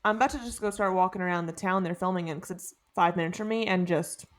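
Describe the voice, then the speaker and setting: Talking fast in a fairly low voice, this young podcast co-host keeps things casual, gossiping and laughing often.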